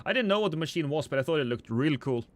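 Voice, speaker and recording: A man's voice: fairly high pitch, animated, fast talker. A man streaming a game live, chatting with viewers in a rambling, joking, self-deprecating way.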